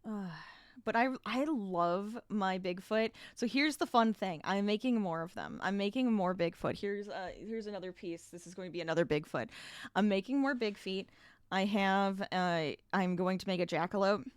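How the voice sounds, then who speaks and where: A woman's voice: mid-range voice, moderate pace, clean tone, no echo. Chatty woman crocheting live, dry sound. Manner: chatty, laughs often, trails off and restarts. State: a bit out of breath. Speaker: crochet livestreamer. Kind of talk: casual livestream chat while crocheting.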